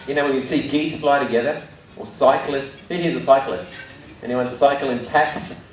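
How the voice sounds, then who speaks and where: A man's voice: medium pitch, fairly even intonation, normal speed. A middle-aged man hosting a breakfast event, talking in a chatty way and telling jokes to a seated audience. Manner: chatty, tells jokes with quoted voices, frequent restarts. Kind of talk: live presentation to a seated audience. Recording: distant echoey room mic.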